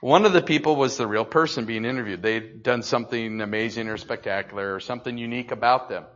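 An older man preaching a sermon, dropping to slow hushed phrases and then rising loud and excited. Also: medium pitch. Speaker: pastor. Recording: slightly dull, lo-fi.

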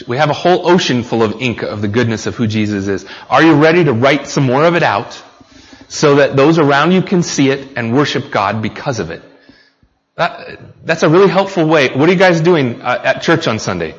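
A man's voice: medium pitch, lively intonation, a little fast, long reverb tail. Earnest American man preaching a sermon. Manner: earnest, speaks directly to the congregation with questions. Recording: slightly dull lo-fi recording.

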